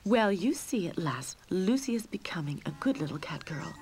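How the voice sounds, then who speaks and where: A woman's voice: lowish voice, big pitch swings, moderate pace, a little mellow, slight background noise. A woman voicing a prim, proper older female cat in a game storybook, lecturing in manner.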